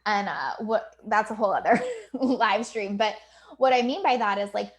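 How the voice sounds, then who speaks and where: A woman's voice: mid-range voice, normal speed. Chatty woman coach, laughing and candid. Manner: candid and chatty, swears freely, laughs often; filler-heavy with many likes and ums. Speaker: business coach. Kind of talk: casual livestream talk to her community.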